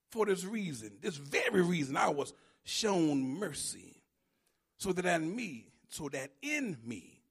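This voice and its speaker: A male preacher delivering a sermon, swinging between hushed teaching and shouted, emphatic preaching with repeated phrases. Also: sits high, creaky, slightly rough.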